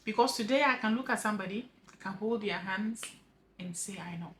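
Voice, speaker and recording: In a rough recording with a little hiss or hum, an emotional woman vlogs about losing her husband. Her medium-pitched voice is earnest and halting, words get repeated, and she softens at the close of each phrase.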